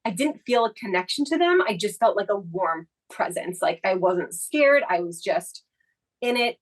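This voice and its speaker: A woman's voice: medium pitch, rough recording. A woman co-hosting a podcast, telling a personal story in casual chat, reflective and full of the filler "like". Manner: reflective, leans heavily on the filler "like". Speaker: podcast co-host.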